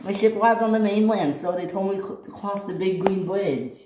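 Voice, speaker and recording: An eager little female tank engine, as the narrator puts her on, pitched high and always apologizing. The recording is roomy with a steady noisy hiss behind it. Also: moderate pace, far from the mic, lightly acted. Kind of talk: homemade toy train story voice. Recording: echoey noisy home recording.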